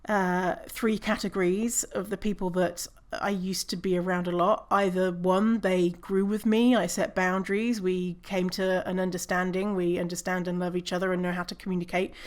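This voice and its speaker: A woman hosting her own podcast, talking casually on her own, swearing and laughing at herself. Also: lowish voice. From British Columbia, Canada. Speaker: podcast host. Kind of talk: casual solo podcast talk.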